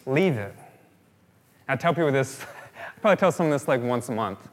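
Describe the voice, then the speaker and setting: A man's voice: medium pitch, a bit bright. A male pastor giving a sermon in a conversational way, repeating phrases for emphasis.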